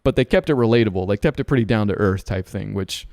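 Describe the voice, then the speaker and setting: A man's voice: on the low side, quick pace, darkish tone, no room sound, clean studio sound. A man co-hosting a casual podcast, talking through a film in a chatty, analytical way with many asides. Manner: chatty, analytical, frequent "like" and "right?". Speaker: podcast co-host.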